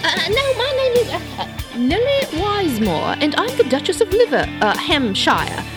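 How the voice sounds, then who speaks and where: Woman doing a hammy fake british duchess, high voice that swoops all over, faint music behind. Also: very animated, moderate pace. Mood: flustered. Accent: put-on British. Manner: hammy, stumbling, overly proper.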